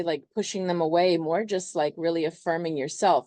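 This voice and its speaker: Brief: lower-pitched woman astrologer, chatty and loose, dry close sound. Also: animated, moderate pace, a little mellow, dry recording. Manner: chatty, loose, filler-heavy. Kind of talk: casual astrology explanation.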